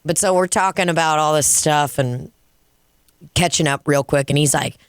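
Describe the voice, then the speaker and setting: A woman comedian co-hosting a podcast, telling stories in a casual, profane, animated way. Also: low voice, normal speed, clear, resonant tone, no echo, clean studio sound. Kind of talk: casual podcast chat and storytelling. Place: dining room.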